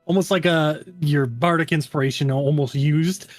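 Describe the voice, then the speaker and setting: A man's voice: a little high, fairly even intonation, moderate pace, no room sound, soft background music. Casual man narrating as game master. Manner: casual, filler-heavy narration with many "um" and "like".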